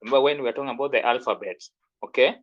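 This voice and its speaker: A man's voice: mid-range voice, very fast, highs cut off. A man teaching French pronunciation in an online class, repeating words and quizzing his student.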